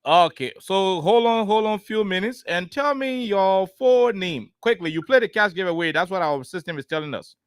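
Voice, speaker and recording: A man hosting a call-in radio show, briskly hurrying callers along. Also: high voice, expressive, clean tone, no echo. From Liberia. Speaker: radio talk show host.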